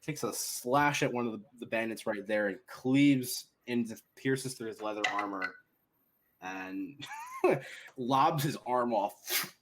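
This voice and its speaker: A man narrating a tabletop game as game master, animated and laughing often as he describes the action. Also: medium pitch, slow, slight background noise.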